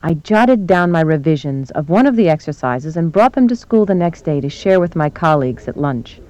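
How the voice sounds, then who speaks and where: A woman teacher narrating her classroom experience in a measured, reflective way. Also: deep voice, expressive, darkish tone, lo-fi sound. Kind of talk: scripted narration.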